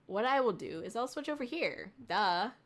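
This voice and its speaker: A woman's voice: fairly high pitch, animated, normal speed. A woman VTuber streamer chatting casually on a livestream, reading viewer messages aloud, giggling often and swearing freely.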